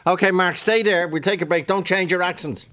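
A man's voice: high-pitched, steady tone, fairly quick, bright, forceful tone. A man hosting a radio phone-in show, prompting callers with short questions. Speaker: radio host.

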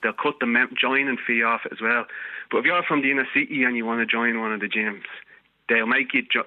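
A man's voice: mid-range voice, dry recording. A man with a Dublin working-class accent calling in to a radio show, arguing insistently and often repeating himself. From Ireland. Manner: insistent, talks over the host, repeats phrases. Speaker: radio caller. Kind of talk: heated phone-in argument. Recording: tinny phone line.

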